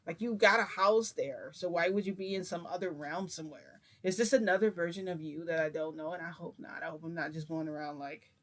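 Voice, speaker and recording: A woman vlogger telling a story in a rambling, giggly, confessional way, with many fillers. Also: fairly low pitch. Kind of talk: casual storytime vlog.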